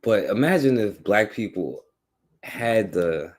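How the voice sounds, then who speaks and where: A man's voice: lowish voice, expressive, slow. A man hosting a talk radio show, chatting loosely in slang with many fillers and restarts. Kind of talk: casual radio chat.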